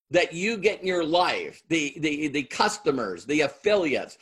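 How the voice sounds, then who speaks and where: Middle-aged guy doing a motivational talk, slow and punchy, keeps asking the crowd questions. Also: on the high side. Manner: emphatic, repeats lines, quizzes audience. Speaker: motivational speaker.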